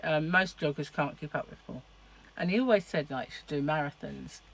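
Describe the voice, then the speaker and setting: A woman's voice: sits low, brisk, gravelly, low-quality recording. A middle-aged woman chatting casually to camera in a rambling, laughing way. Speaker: vlogger.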